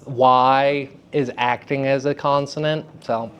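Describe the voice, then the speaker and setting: A man giving a live drama workshop to high school students, chatty and self-deprecating, often turning to the class with questions. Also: fairly even intonation, slow, fairly bright tone, clean tone.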